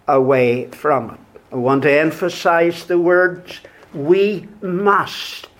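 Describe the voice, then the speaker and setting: A male preacher delivers his sermon at a very unhurried, measured pace, leaning on each word. His voice sits high for a man. He circles back to key phrases, repeating them for emphasis.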